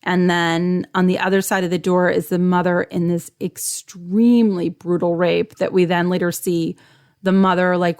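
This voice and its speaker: Frank woman podcast co-host. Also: on the low side. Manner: frank, vivid retelling with "you know" and "like" fillers. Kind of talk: casual chat reviewing a TV series.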